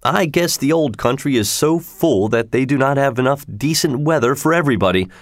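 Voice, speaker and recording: A calm middle-aged statesman makes dry, unbothered remarks, as a male narrator puts him on. He talks evenly, with a wry edge. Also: mid-range voice, fairly quick, dry recording, close to an everyday voice.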